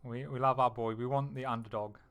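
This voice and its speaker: A young man calling a live strategy game match on his own. His voice sits at an everyday middle pitch, and he talks with excitable energy, jumping on each play with a laugh or a gasp. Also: clear, resonant tone. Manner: excitable, quick reactions, frequent laughs. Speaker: esports caster. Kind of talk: solo live game commentary.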